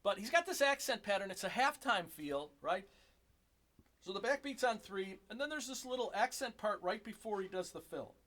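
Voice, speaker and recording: A man's voice: sits high, animated, moderate pace, background noise. A man giving a casual drum lesson in his basement drum room, chatty and enthusiastic, joking about himself. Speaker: drum teacher.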